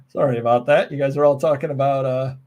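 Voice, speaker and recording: A man's voice: mid-range voice, a little mellow. An American man hosting a live stream alone, chatting casually, joking, going off on tangents and answering viewer comments. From United States. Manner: rambling, joking, goes off on tangents. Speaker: live show host.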